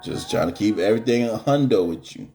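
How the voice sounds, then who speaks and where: A man's voice: lowish voice, expressive, brisk, vocal fry, warm tone, soft background music. A middle-aged man hosting a live stream, joking in slangy casual chat.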